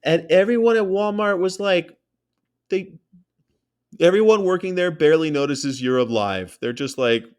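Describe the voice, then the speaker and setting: An American man hosting a casual chat, telling a story in an animated way, acting out quotes and swearing freely. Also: high-pitched, normal speed, smooth. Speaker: podcast host.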